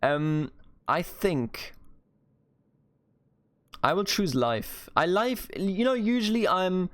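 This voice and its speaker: A man's voice: high voice, slow pace, dry recording. A man from Bavaria with a German accent, chatting and thinking aloud as he plays a strategy game. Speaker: gaming YouTuber. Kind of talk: let's play commentary.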